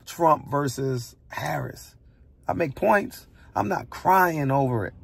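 Slow and lively in intonation, this middle-aged American man has a fairly high, gravelly, slightly bright and rough voice, recorded with no room sound. As a barbershop commentator, he gives a heated, preachy monologue, bluntly repeating lines and pounding his points with rhetorical questions.

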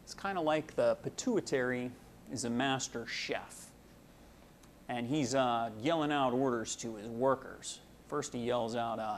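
A young man, a medical student, giving a casual explanatory lecture full of homely analogies and frequent pauses with "uh". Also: medium pitch, a little hiss or hum.

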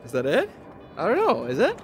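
A man talks to the camera in a casual family vlog, with a voice that rises and falls with animated energy. He is affectionate and teasing, and laughs often. Soft music plays quietly in the background. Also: high-pitched, a little fast. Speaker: husband and vlogger.

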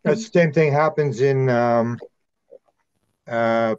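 A man's voice: mid-range voice, slow, darkish tone, smooth, dry recording, muffled recording. A man hosting a panel, recounting anecdotes with hesitant fillers over a video call. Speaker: host. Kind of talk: casual panel chat.

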